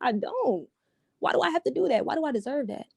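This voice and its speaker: Warm-voiced woman, interview guest, casual and repetitive, dry close sound. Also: high-pitched, expressive, quick pace, gravelly, dry recording. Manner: casual, repetitive, restarts often, says "yo". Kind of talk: emotional personal account.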